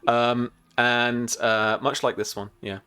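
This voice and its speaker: A man's voice: mid-range voice, level tone, takes it slowly, sharp tone, smooth, dry recording. A man as game master of a tabletop game, rambling with many fillers and restarts. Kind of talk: narrating a tabletop game on a stream.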